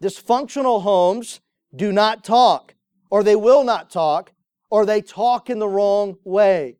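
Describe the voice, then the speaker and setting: A man's voice: high voice, a little mellow, clean tone, dry recording, studio quality. A man pastor giving a conversational sermon in a church, telling stories with frequent fillers. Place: church sanctuary with congregation.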